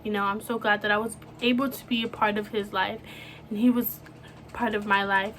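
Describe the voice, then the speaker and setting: A young woman talking to camera about a close friend, speaking softly and haltingly with many fillers. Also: mid-range voice, level tone, slight background noise. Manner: soft, halting, full of fillers like "you know". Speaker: vlogger. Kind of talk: emotional personal talk to camera.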